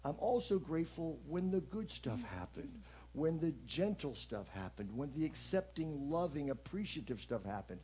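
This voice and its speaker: A man giving an inspirational message at a church service, playful and animated, joking with the audience as he talks. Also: on the high side, moderate pace. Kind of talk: lively spoken message.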